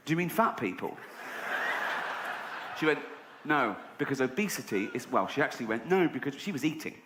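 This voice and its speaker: Sardonic English comedian in a roomy live venue. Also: male voice, noisy background. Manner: sardonic storytelling, voices other people with pitch jumps. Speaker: stand-up comedian. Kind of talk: stand-up routine.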